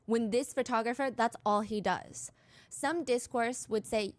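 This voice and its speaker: A woman's voice: on the high side, dry recording. Woman narrating true crime, dry close sound. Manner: brisk storytelling, quoting texts. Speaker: crime podcast host.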